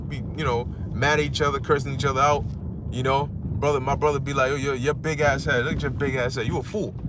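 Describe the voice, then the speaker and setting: A man preaching a casual street-style sermon, animated and slangy, sometimes mocking other people's words. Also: noisy background. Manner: animated, slangy, acts out insults in a squeaky mocking voice.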